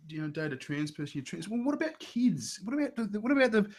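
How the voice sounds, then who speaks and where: A man's voice: high-pitched, very animated, quick pace. A man in casual, profane chat, blunt and indignant, often stumbling over repeated words. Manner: blunt, indignant, stammering restarts.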